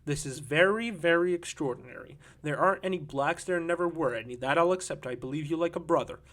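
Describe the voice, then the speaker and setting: A man's voice: a little high, quick pace, fairly bright tone, lightly acted. A man reading an audiobook, voicing a blunt, impatient drinking man with a black mustache. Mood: probing.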